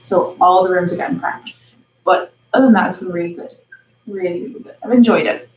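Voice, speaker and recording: A young woman chatting casually at home, relaxed and wry. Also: lowish voice, a little fast. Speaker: host's daughter. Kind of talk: casual chat. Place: home kitchen. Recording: roomy audio from across the room, faint hum.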